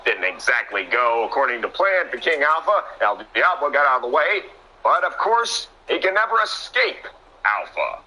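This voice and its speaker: A young man doing excitable play-by-play commentary on a wrestling match, often breaking into sudden exclamations. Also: mid-range voice, normal speed, low-quality recording.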